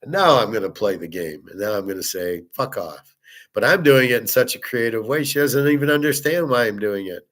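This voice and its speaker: A man's voice: mid-range voice, lively intonation, fairly quick, few pauses, a bit bright. A middle-aged man hosting a casual monologue, telling a personal story in a blunt, profane way. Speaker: host.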